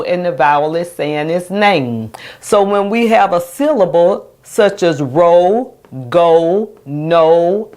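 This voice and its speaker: A woman special education teacher explaining a reading lesson in a patient, steady way, stretching out example words. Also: deep voice.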